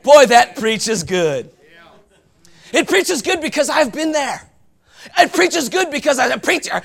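A man preaching a fervent sermon with folksy asides, often rising to shouts. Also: very high voice, sing-song, a little slow, vocal fry, long pauses. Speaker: pastor.

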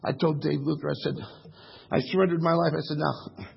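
A man preaching a sermon with great passion, shouting at the peaks of his story and dropping to a hushed tone in between. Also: a little high, fairly even intonation, a little fast, creaky, lo-fi sound, a little hiss or hum.

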